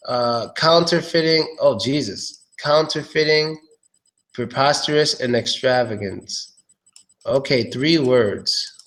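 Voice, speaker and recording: Casual man drilling pronunciation. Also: mid-range voice. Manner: relaxed, repeats words slowly, swears casually. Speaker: English pronunciation tutor. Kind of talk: casual live-streamed pronunciation lesson.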